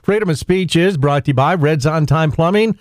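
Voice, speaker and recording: Brisk male local radio host. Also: on the high side, no echo. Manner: brisk, matter-of-fact announcing. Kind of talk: local morning radio hosting.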